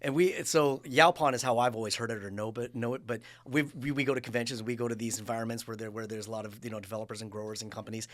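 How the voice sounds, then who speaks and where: Fast-talking man hosting a podcast. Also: mid-range voice. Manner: lively storyteller, quick asides. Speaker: podcast host. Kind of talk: casual interview chat. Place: podcast studio.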